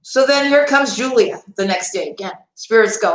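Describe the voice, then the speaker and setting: A woman's voice: a little high, normal speed, echoey room, rough recording. A woman tarot reader chatting to viewers on a live-stream reading, talking to them directly and laughing often.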